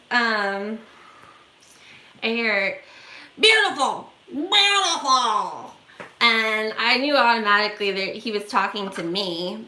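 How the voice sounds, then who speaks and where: A woman's voice: medium pitch, sharp tone. A woman vlogger telling a story on a livestream in a rambling, chatty way, full of fillers, in an echoey room. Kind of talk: casual storytelling.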